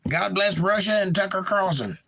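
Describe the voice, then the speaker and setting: A man's voice: high voice, moderate pace, creaky, sharp tone, husky. A man hosting a casual livestream, greeting chatters by name and reading their comments aloud. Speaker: livestream host. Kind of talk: casual chat reading out live chat, with singing to guitar.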